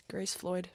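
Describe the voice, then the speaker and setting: A tearful woman in an emotional argument on a live stream, self-critical and often dropping to a whisper. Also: very noisy.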